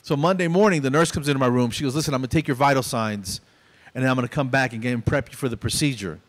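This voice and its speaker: A man's voice: mid-range voice, rapid-fire. A man in his fifties doing a stand-up comedy routine on a small club stage, telling stories and acting out both sides of each exchange.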